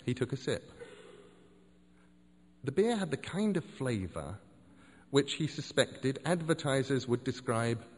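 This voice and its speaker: Man with an expressive storytelling voice. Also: mid-range voice, a little slow, long pauses, slightly rough, in a large hall. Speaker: narrator. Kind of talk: scripted narration of a story.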